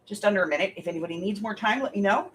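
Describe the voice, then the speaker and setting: A woman's voice: medium pitch, racing, fairly bright tone, slight background noise. A woman hosting a casual craft livestream from her home crafting room, chatty and jokey, rambling a little and laughing often as she gives out prompts.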